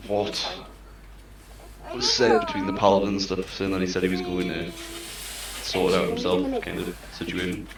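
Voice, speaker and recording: A woman player at a tabletop game, thinking aloud slowly about her rolls. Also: rumbling low, flat delivery. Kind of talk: casual chat. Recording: echoey distant mic with noise.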